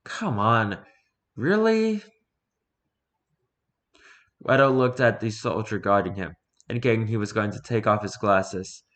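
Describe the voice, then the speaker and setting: A man's voice: fairly low pitch, fairly quick, fairly bright tone. A man reading his own fiction aloud in a casual way, with restarts and asides. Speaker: storyteller.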